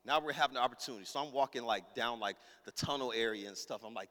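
A man's voice: mid-range voice, animated, fast, hardly any pauses, a bit bright, big-room sound. A man preaching as a pastor, telling a funny story in a casual, slang-heavy way and acting out every character in it. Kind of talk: storytelling sermon.

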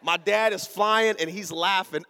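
A man preaching a sermon in a church sanctuary, telling an animated story and calling out to the congregation. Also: sits high, big-room sound. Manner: animated storytelling, call-and-response.

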